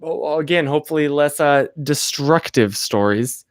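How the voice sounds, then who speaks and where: A man's voice: fairly high pitch, normal speed. A young man hosting a casual livestream, chatting to viewers in a rambling, apologetic way full of filler words. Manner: playful, reads chat names aloud. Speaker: livestream host.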